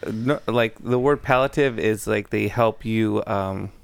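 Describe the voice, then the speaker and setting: A man co-hosts a podcast and talks in a hesitant, soft-spoken way, full of ums. His voice is low and gravelly yet smooth, recorded dry and close. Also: a little slow, no echo. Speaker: podcast co-host. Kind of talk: casual chat.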